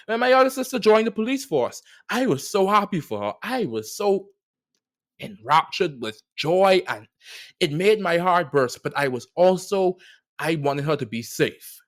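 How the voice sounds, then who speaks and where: Young adult man, podcast host, fairly high pitch, expressive solo monologue with playful swings. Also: a little slow. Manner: animated, playful riffs with big swings in pitch and loudness.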